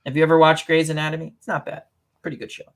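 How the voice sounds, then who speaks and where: A man's voice: fairly high pitch, flat delivery, rapid-fire. A man hosting a casual online chat, rambling through funny stories with lots of giggles. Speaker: host.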